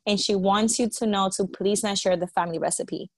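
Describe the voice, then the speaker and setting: A woman's voice: medium pitch, brisk, no room sound. Woman telling a wild story to friends, swears and laughs, dry room. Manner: animated storyteller, quotes others, swears, laughs. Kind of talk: casual storytelling chat.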